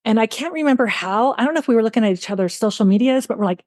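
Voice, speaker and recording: A woman hosting a podcast interview, telling stories in quick run-on bursts and acting out what others said. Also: on the high side, no echo, studio quality. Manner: animated storyteller who acts out quotes; fast, run-on talk with restarts. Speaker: podcast host. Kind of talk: casual interview chat.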